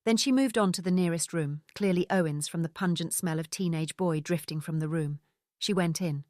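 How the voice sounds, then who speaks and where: A woman narrates a book in a somewhat low, measured voice. The sound is dry and close, with no room around it. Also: darkish tone, dry recording. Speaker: audiobook narrator. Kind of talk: scripted narration.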